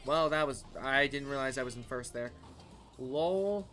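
A man streaming a racing game live, chatting with his viewers in an excitable, talkative way and laughing often. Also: medium pitch, measured pace. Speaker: gaming streamer. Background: faint background music.

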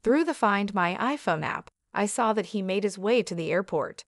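A woman narrating a first-person story in a calm, measured way. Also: mid-range voice, dry recording.

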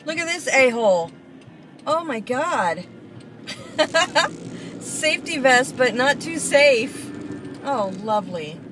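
Lady ranting at drivers from her car, drawly and sarcastic, loud road noise. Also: high voice, very animated, slow, long pauses. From Florida. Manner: sarcastic, swearing, exasperated muttering. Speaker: driver filming a dashcam. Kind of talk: ranting at other drivers while driving.

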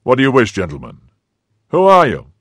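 An imperious older cardinal who fires clipped, commanding questions, as a male narrator puts him on. The voice sits higher and louder than the reader's own, with a husky edge, recorded close and dry. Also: very animated, fairly quick, dry recording.

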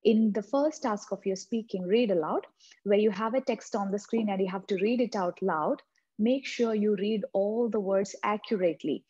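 A woman's voice: medium pitch, moderate pace, warm tone, breathy edge, muffled recording. A woman with a non-native English accent, teaching an exam-prep lesson and repeating key points to drive them home. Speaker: exam coaching tutor. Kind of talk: instructional tutorial.

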